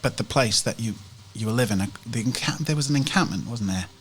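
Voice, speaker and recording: A man voicing a brisk, sharp-tongued middle-aged woman shopkeeper. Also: mid-range voice, slight background noise, close to an everyday voice. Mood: sympathetic. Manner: brisk, scolding.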